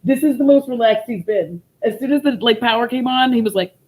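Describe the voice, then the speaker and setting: A woman's voice: fairly high pitch, fairly quick, darkish tone. Woman livestreamer, tearful but laughing, loose and profane, casual chat. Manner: emotional, laughing through tears, swearing freely. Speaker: vlogger.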